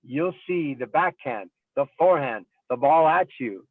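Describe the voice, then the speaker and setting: A baseball coach and scout in a casual panel discussion, explaining thoughtfully with everyday examples and frequent ums. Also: male voice, fairly high pitch, expressive, unhurried, no room sound. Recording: tinny phone-like line, dry.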